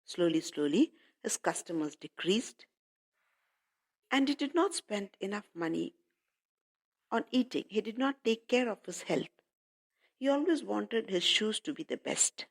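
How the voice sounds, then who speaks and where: A woman's voice: medium pitch, lively intonation, a little slow, gravelly, pauses often. A woman teacher explaining a lesson to children, addressing them directly and repeating points.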